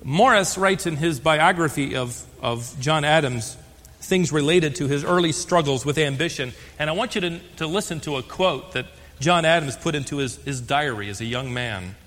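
Older American male pastor, sermon delivery, a bit high-pitched and very animated, long church reverb. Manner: emphatic, slows on key phrases.

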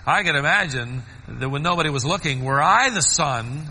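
A man preaching a sermon, swinging between soaring emphatic peaks and quiet low asides. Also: lively intonation, moderate pace, in a large hall, a little hiss or hum, poor audio.

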